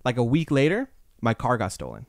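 A man's voice: mid-range voice, sing-song, brisk, vocal fry, no echo, studio quality. A man in casual conversation, telling stories from his old overnight jobs in a laid-back, rambling way. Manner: laid-back, tells stories with quoted exclamations. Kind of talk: casual storytelling chat.

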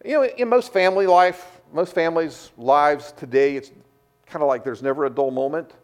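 A middle-aged man preaching a sermon, repeating words as he restarts, telling stories in a lively way. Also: a little high, moderate pace, faint music behind. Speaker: pastor.

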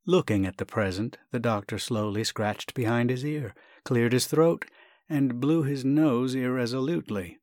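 A man narrating a classic short story in a measured, expressive reading. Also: medium pitch, a little hiss or hum. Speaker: story reader. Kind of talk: scripted narration.

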